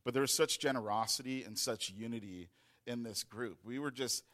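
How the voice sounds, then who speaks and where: A man's voice: mid-range voice, moderate pace, a bit bright. Rambling man telling a story. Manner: rambling, with many fillers and restarts. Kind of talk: casual storytelling.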